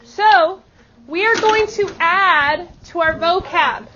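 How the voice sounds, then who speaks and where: High-voiced teacher, slow and clear. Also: female voice, bright, forceful tone. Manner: upbeat, encouraging, slow and clear. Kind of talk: classroom teaching. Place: school classroom. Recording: muffled classroom audio with chattering kids.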